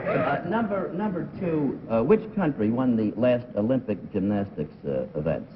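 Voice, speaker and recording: A man's voice: medium pitch, sing-song, normal speed, slight background noise. A man on a 1950s TV game panel, joking and hesitant with many uhs. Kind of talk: TV panel questioning. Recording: 1950s TV broadcast, dull with long reverb.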